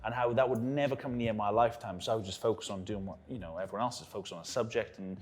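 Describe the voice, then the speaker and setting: A young Welsh man telling stories in a casual interview, animated and acting out the people he quotes. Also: on the low side, very fast. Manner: animated storyteller who acts out quotes. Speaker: guest.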